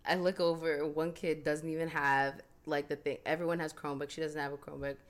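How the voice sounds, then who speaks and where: Laughing young woman teacher, lowish voice. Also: a little fast. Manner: animated storyteller, laughs often. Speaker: podcast co-host, teacher. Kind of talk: casual chat.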